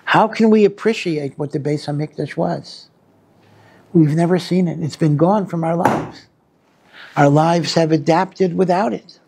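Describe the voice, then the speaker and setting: A man, a rabbi, teaching a weekly Torah class in an earnest, unhurried way, using many Hebrew terms and leaning hard on his key lines. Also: on the high side, gravelly, a little mellow, slight background noise. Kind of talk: Torah lecture.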